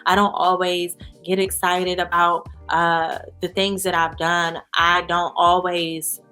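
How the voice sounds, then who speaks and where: Lively candid woman, bright voice. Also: fairly low pitch, slow pace, soft background music. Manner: animated and candid, with frequent fillers like "you know" and "like". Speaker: guest, founder of a support organization. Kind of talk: casual interview chat.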